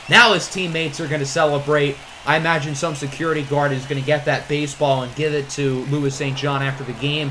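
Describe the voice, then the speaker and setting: A man giving play-by-play commentary over a video game, excitable on big plays with wry asides. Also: a little high, slight background noise. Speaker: gaming channel host.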